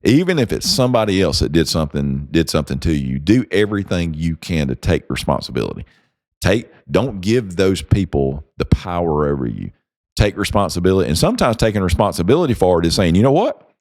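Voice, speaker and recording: A man's voice: deep voice, big pitch swings, a little fast, darkish tone, no room sound, studio quality. A man hosting a motivational podcast, talking with emphatic, preacher-like delivery. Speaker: podcast host.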